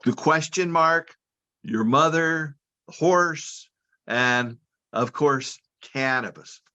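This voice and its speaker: A man's voice: fairly high pitch, extremely slow, bright, forceful tone. A man being interviewed over a video call, explaining things patiently and step by step like a lecturer. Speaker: guest, cannabis and hemp advocate.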